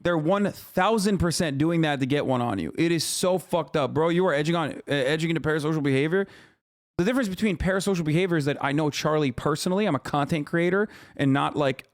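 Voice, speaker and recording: Male streamer, exasperated profane rant, pitched a bit high, dry close mic. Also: no echo. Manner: heated, exasperated ranting, heavy swearing. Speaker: livestream host reacting to videos. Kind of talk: profane livestream commentary.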